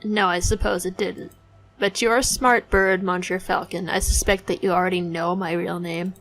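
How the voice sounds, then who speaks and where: A woman voicing a smooth, evasive male detective in disguise in a game, speaking in a suave, theatrical way. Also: on the low side, level tone, normal speed, a bit bright, faint music behind, poor audio. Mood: sly. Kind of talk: voicing a visual novel let's play.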